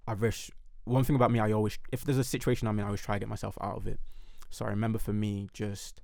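A young man telling his story in a casual podcast chat, animated and emphatic. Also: fairly low pitch, quick pace, vocal fry, no echo, studio quality. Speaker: podcast guest.

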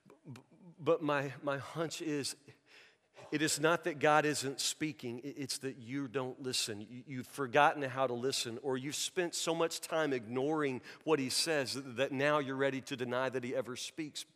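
A man's voice: medium pitch, steady tone, normal speed, a bit bright. A man preaching a sermon as a pastor, telling a story in an earnest, pleading way and often repeating words. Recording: long reverb in a large hall.

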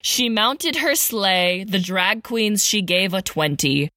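A woman's voice: mid-range voice, animated, takes it slowly, sharp tone, dry recording, clean studio sound. A woman co-hosting a podcast, reciting a comic holiday poem and chatting, often breaking into giggles. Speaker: podcast co-host.

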